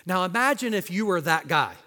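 A man's voice: high-pitched, expressive, fairly quick, pushed and bright. A male pastor preaching a sermon in a conversational way and asking the congregation rhetorical questions. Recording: long hall reverb.

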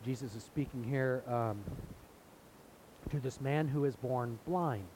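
A man's voice: medium pitch, measured pace, a little mellow, slight background noise, poor audio. A man preaching a sermon in an earnest way, now and then acting out the voices of people in the story. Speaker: pastor.

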